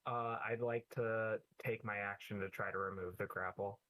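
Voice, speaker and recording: A man playing a tabletop game, describing his character's actions slowly and deliberately. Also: fairly low pitch, steady tone, bright, forceful tone, rough recording. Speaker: player. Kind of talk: tabletop play over voice chat.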